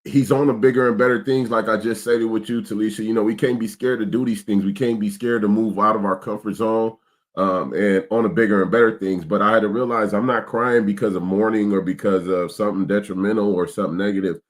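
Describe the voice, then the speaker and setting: Low-voiced man, emotional proud dad. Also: steady tone, fast. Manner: laid-back, emotional, slang-heavy. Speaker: vlog host, father. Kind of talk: casual vlog chat.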